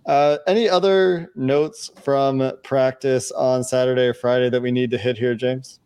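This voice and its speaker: A man's voice: medium pitch, steady tone, normal speed, darkish tone, clean tone. Man hosting a sports podcast. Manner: steers the talk, asks questions, signs off the show. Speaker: podcast host. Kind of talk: casual sports podcast chat.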